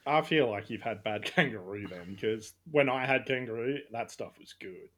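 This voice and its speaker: A man's voice: medium pitch, normal speed, a bit bright. A young man, chatting casually, who laughs often and argues back with some swearing. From Australia. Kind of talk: casual chat.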